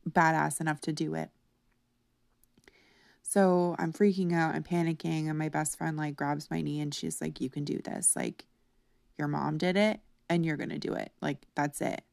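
A young woman with a low, gravelly voice tells a personal story on her podcast. She talks slowly and candidly, with lots of fillers. The sound is close and dry. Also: a little mellow, dry recording. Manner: candid, chatty, many fillers. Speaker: podcast host.

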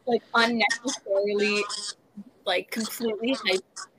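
A young woman co-hosting a podcast in casual chat, excitable and emphatic. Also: medium pitch, unhurried, rough recording. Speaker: podcast co-host.

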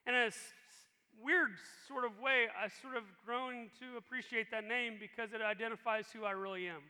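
A male pastor preaching a sermon with animated emphasis. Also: very high-pitched, normal speed, clear, resonant tone. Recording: long reverb in a large hall.

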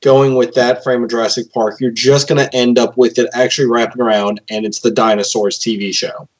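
A man's voice: mid-range voice, level tone, brisk, dull audio. Chatty male co-host telling a bit. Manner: insistent, storytelling. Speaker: podcast co-host. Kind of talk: casual chat.

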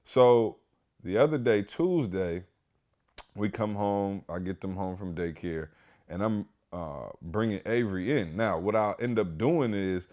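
A man hosting a podcast, telling a story in a casual, animated way, emphatic and full of "like" and "y'all". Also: lowish voice, unhurried. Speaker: podcast host.

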